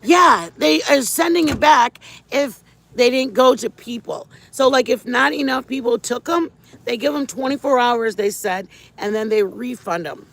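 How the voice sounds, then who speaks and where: Middle-aged lady on a livestream, kinda gravelly, rambles thru stories, yells hi to viewers. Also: on the high side, moderate pace. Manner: rambling, animated storytelling, shouts greetings to viewers. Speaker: livestream host. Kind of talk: casual chat with viewers.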